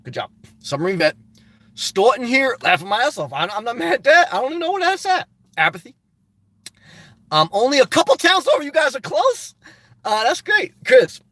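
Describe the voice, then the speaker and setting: A man's voice: very high-pitched, a bit bright, no echo. A man hosting a casual livestream, reading viewer comments aloud and riffing on them in a chatty way. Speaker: YouTube channel host reading live chat.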